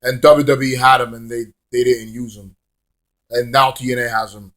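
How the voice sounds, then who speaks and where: A man's voice: mid-range voice, little pitch movement, normal speed, fairly bright tone. A man giving a casual, rambling, sarcastic vlog review of a wrestling show, swearing freely.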